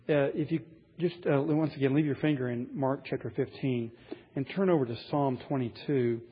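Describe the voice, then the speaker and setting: A man's voice: mid-range voice, breathy edge, phone-quality sound. A man preaching a sermon, earnest and rising to emphatic passages as he reads scripture aloud. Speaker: pastor.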